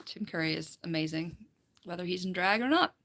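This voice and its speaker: Woman, live-stream host, worn fried voice, bright edge, chatty and giggly, computer mic at home. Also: lowish voice, animated, brisk. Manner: chatty, giggly, rambling, reads chat aloud. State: voice worn, slight vocal fry. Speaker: livestream host, falconer. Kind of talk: casual live-stream chat with viewers.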